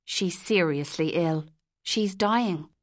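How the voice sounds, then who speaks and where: A woman's voice: on the low side, slow, no room sound, clean studio sound. A woman voicing a kindly male priest who works as an acting chaplain and speaks in an earnest, polite way.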